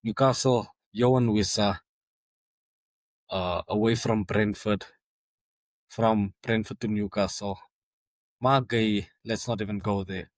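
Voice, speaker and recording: Chatty low-voiced man with dry sound. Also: steady tone, slow pace, long pauses, no echo. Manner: chatty, exasperated asides, stumbles over names. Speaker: football podcast host. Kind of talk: casual monologue on transfers.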